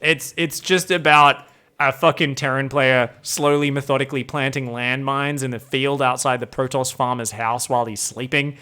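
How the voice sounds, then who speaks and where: A man's voice: mid-range voice, steady tone, moderate pace, pushed and bright, smooth. A man streaming game commentary, rambling, joking and swearing freely.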